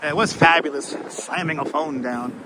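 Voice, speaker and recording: A man's voice: on the high side, normal speed. A man hosting a walking livestream outdoors, chatting casually and rambling to viewers on a clip-on mic. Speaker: walking tour livestream host. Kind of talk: casual live-stream chat while walking. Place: outdoors on windy city streets. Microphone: wireless clip-on mic. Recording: windy outdoor street recording. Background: wind and traffic noise.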